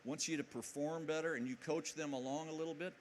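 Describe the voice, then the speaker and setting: A man's voice: on the high side, steady tone, fast, slight background noise. A man giving a motivational conference talk to a live audience in a hall. He talks energetically, jokes and keeps asking the crowd questions. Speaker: conference speaker.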